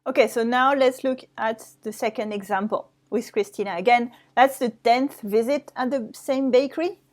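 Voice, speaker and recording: A woman's voice: on the high side, moderate pace. A French woman with a French accent, teaching a language lesson step by step. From France. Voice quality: explaining step by step, with restarts.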